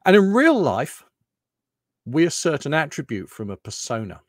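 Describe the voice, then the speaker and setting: A man's voice: on the high side, huge pitch swings, normal speed, no room sound, clean studio sound. A middle-aged British man from the UK giving a rambling, anecdotal lunchtime talk. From United Kingdom. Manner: rambling, anecdotal, loose restarts. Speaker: presenter.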